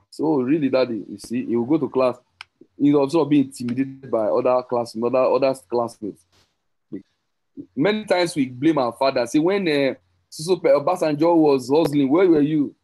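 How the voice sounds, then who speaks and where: A man giving an excited, rambling sales pitch on an online call, repeating and correcting himself as he goes. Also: fairly quick, rough recording. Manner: rambling, repetitive, self-correcting, teasing. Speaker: crypto promoter hosting a group call.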